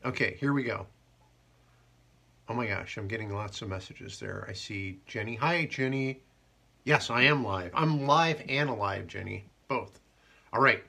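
Gravelly, bright-toned male host. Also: fairly low pitch. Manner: chatty and joking, reads poems slowly. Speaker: host of a haiku reading show. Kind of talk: casual live-stream chat.

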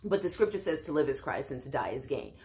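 A woman's voice: low-pitched, sing-song, fast, darkish tone. A woman teaching a Bible study in an informal, conversational way, often restarting and adding asides.

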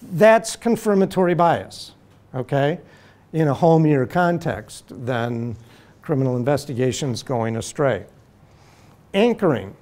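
A man giving a university law lecture in a deliberate, measured way, slowing to stress key terms. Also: fairly high pitch, expressive, a little mellow.

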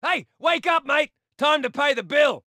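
A man's voice: extremely high pitch, measured pace, very noisy. A man playing a brash, cocky Australian soldier in a video game, taunting enemies and barking battle calls with an Australian accent. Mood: battle shouts. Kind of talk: game character voice lines. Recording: game audio under loud gunfire.

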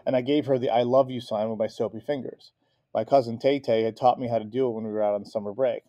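A man reads a children's chapter book aloud with lively, expressive storytelling. His voice sits at a middle pitch, recorded close in a dry space. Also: fast, dry recording, lo-fi sound. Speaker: audiobook reader. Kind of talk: storybook narration.

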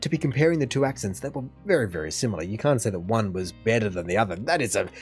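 A man's voice: lowish voice, lively intonation, fast talker, a little mellow, soft background music. A man with an Australian accent, hosting a reaction video and giving long, opinionated casual commentary. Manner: chatty, opinionated, talks at length.

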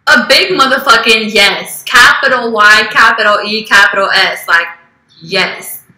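A woman's voice: on the high side, measured pace, sharp tone. A woman vlogger answering fan questions in a casual Q&A, chatty and swearing freely as she tells stories. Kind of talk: casual Q&A vlog. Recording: echoey room, from an old vlog clip.

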